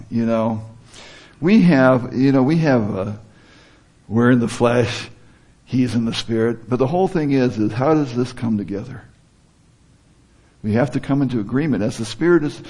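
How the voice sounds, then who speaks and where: Guy giving a laid-back sermon, normal pitch, talks it through like a chat. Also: a little mellow. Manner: conversational, quotes scripture, rephrases mid-sentence. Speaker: preacher. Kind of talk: informal sermon.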